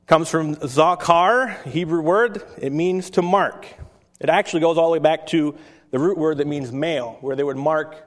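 A man with a somewhat high voice delivers a sermon, moving easily between chatty asides to his congregation and solemn readings from scripture. His voice rings out with a long hall reverb, as if recorded in a church sanctuary. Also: moderate pace. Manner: conversational preaching with scripture reading. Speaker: pastor.

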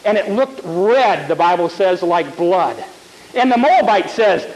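A man preaching a sermon, telling a Bible story in a folksy, animated way and repeating words. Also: high voice, a little slow, poor audio.

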